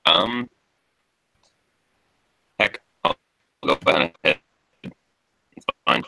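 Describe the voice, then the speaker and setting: A man's voice: sits low, expressive, slow, gravelly, a little hiss or hum, low-quality recording. A man playing a tabletop game over online voice chat, laid-back and joking. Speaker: player.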